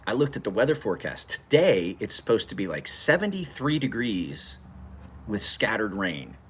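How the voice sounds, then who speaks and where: A man's voice: on the low side, slight background noise. A man hosting a knife channel from his garage, chatting loosely with viewers and laughing through profane stories. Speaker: knife sharpening channel host. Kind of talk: rambling live chat with viewers. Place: home garage.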